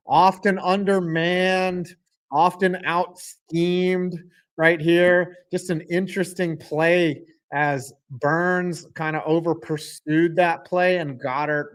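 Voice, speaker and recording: A man's voice: a little high, a bit bright. A man hosting a live football reaction stream, joking with chat and calling plays in a rambling, self-deprecating way. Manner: rambling, joking banter mixed with play-by-play. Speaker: stream host.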